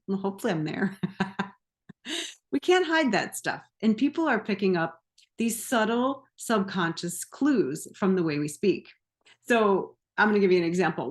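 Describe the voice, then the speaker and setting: Woman coach, casual to-camera talk, mid pitch, easy laughs and lively asides. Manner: conversational, laughs often, animated asides. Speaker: empowerment coach.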